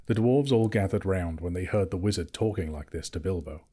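A man reading a classic children's novel aloud in a measured, storytelling manner. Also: deep voice, dark tone, husky. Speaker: narrator. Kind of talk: audiobook reading.

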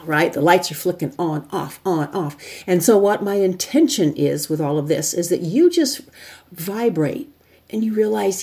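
Female workshop presenter with a low, warm voice. Chatty and instructive. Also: moderate pace, creaky. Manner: chatty, walks listeners through an exercise step by step. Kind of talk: instructional talk.

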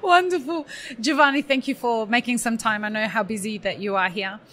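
A woman hosting a podcast live at an expo, friendly and quick to laugh. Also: fairly high pitch, sharp tone. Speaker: podcast host. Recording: faint ambience at a live expo.

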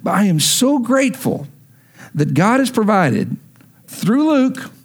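High-voiced man preaching a sermon. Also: sing-song, unhurried, slightly rough. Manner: conversational, emphatic preaching. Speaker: pastor.

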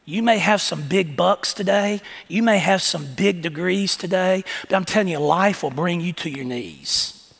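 A man's voice: sits high, unhurried, creaky, a bit bright. A man preaching a sermon as pastor, with impassioned, folksy storytelling. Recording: echoey hall reverb.

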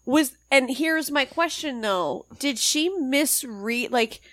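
A woman's voice: high voice, expressive, slow pace, a bit bright, dry recording. A woman co-hosting a podcast, chatting casually about a TV episode, thinking aloud and asking questions. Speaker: podcast co-host. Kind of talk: casual chat recapping a TV episode.

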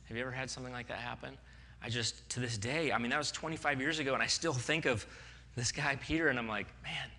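A man in his forties, a pastor telling a personal story in a sermon, acting out scenes with growing excitement. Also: fast talker. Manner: animated, acts out stories, excitable with rising pitch.

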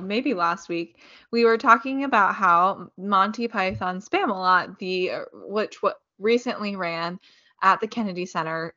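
Bright-voiced woman co-hosting a podcast. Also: mid-range voice, dull audio. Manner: chatty, trails off and restarts. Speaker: podcast co-host. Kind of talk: casual chat.

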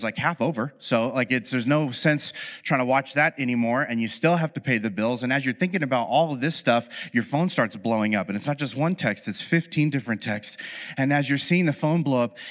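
In a casual explanatory monologue recorded in a reverberant room, a man with a medium-pitched, slightly bright voice breaks down relationship patterns. He speaks conversationally, addresses the listener as "you," and acts out both sides of everyday arguments, with frequent fillers, restarts, and self-mocking asides.

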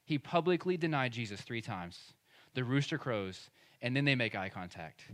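A man's voice: medium pitch, animated, normal speed, fairly bright tone. A man, preaching a sermon as pastor in a conversational, emphatic way. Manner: conversational and emphatic, acting out quoted speech.

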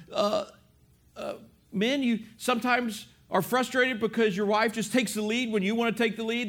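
A middle-aged male pastor preaching a sermon in an animated storytelling manner, acting out bits of dialogue. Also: very high-pitched.

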